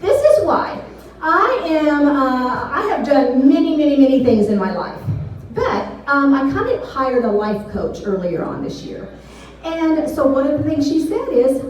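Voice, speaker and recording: High-voiced woman telling stand-up stories. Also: unhurried. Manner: animated, shrieks when quoting herself. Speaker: stand-up comedian. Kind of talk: stand-up storytelling. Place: small venue on stage. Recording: very echoey room, voice from far off.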